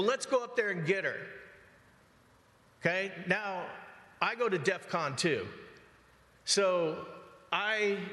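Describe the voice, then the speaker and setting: A man's voice: high voice, sharp tone. A man speaking as a resident in public comment at a council meeting, telling an upsetting story in an agitated, emphatic way and often asking "okay?". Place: council chamber. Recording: long hall reverb in a council chamber.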